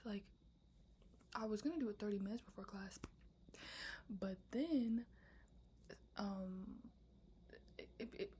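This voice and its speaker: A young woman with a mid-range voice chats casually late at night, pitching the film script she's come up with as a student. Her talk is packed with filler words, usually whispered but punctuated by loud asides. There's a little hiss or hum in the background.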